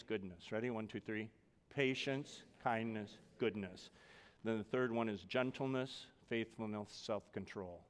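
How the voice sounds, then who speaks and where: A male pastor delivers a conversational sermon in a church, his smooth, resonant voice carried by a long hall reverb. He moves between casual, lively asides and a hushed, gentle tone for scripture and prayer. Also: lowish voice. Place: church sanctuary.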